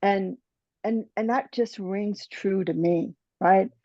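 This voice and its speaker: A woman presenter giving personal closing remarks at a conference, halting and restarting often and checking in with "right?". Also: medium pitch, dark tone, no echo. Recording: dull dry lo-fi sound.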